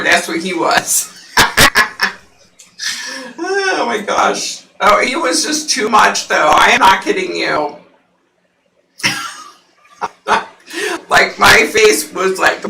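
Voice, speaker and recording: A woman hosting a psychic livestream, chatting casually with viewers and laughing often; her voice sounds unusually deep through the mic. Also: expressive, slow pace, vocal fry, long pauses, pushed and bright, echoey room, recorded from a distance, slight background noise, rough recording.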